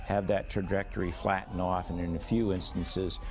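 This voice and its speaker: A male physician speaking gravely and deliberately in an interview. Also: deep voice, little pitch movement, faint music behind.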